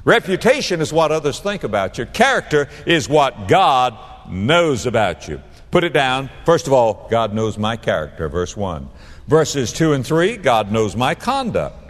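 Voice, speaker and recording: Animated preacher in a reverberant sanctuary. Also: male voice, mid-range voice. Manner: dramatic, swings between loud emphasis and soft asides. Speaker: pastor. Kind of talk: sermon. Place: church sanctuary. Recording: long reverb of a large sanctuary.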